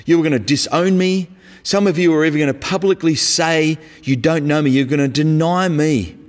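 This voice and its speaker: Man putting on a high, exasperated teacher scolding his followers; blunt, incredulous; echoey hall. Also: normal speed, natural voice.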